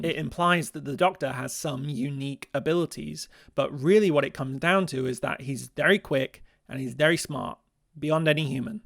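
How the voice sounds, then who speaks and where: A man hosting a scripted video essay, talking in a playful, expressive way and laughing at his own jokes. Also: on the high side, creaky, no echo, studio quality.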